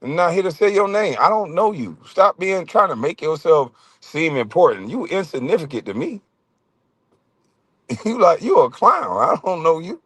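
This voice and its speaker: Man streamer, profane mocking rant, lively swinging pitch, dry close sound. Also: normal speed, breathy edge, no echo. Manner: mocking, profane, laughs often. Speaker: livestream host.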